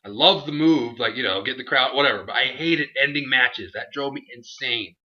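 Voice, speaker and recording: A young man co-hosting a casual review chat, animated and laughing, acting out what others said. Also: medium pitch, a little fast. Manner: animated, acts out quotes, laughs often. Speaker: show co-host. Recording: dull lo-fi home recording.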